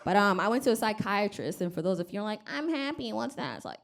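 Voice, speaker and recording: A woman's voice: mid-range voice, racing, a little hiss or hum. A woman from Rwanda doing a stand-up comedy set on stage, wry and self-deprecating, acting out other people's voices. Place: comedy club stage with live audience.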